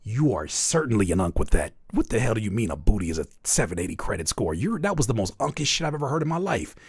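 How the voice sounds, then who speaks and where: A man hosts a live music-review stream, and his pitch jumps all over the place as he jokes and roasts. His talk is profane and playful, full of wordplay. The recording is dry and close, with almost no room sound. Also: very animated, fast talker, breathy edge, no echo. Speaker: music reviewer and livestream host. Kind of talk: live music feedback stream, joking and critiquing.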